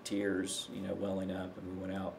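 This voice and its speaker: A man from Tennessee recounting a personal story as a podcast guest, relaxed and filling his speech with "you know". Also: sits low, moderate pace, creaky, noisy background. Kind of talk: storytelling in a conversation.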